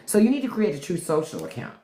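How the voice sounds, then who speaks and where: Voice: medium pitch, wildly swooping pitch, fast, mellow, a little hiss or hum. Blunt, profane livestream host. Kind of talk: unscripted live-stream commentary. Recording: roomy echo.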